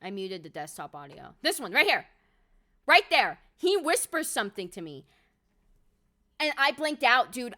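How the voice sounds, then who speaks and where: Bright, excitable young woman streamer. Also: sits high. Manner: excitable, swears a lot, quick laughs. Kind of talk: casual live-stream chat.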